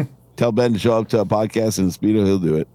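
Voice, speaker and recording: A man's voice: fairly low pitch, quick pace, mellow, no echo. A middle-aged man co-hosting a casual podcast, joking and laughing often as he tells stories. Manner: laughs often, playful quoting. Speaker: podcast co-host.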